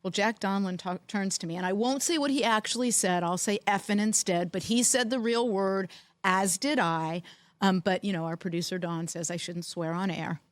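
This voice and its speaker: A woman's voice: mid-range voice, moderate pace, no echo. Storytelling woman on a dry mic. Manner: animated anecdotes, lively quoted voices. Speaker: podcast co-host, former team executive. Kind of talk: storytelling in casual chat.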